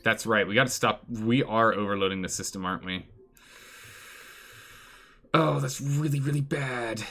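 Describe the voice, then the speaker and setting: A man giving live commentary on a colony game, animated and exclaiming, pleading with his characters. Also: on the low side, moderate pace, soft background music. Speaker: streamer playing a colony game.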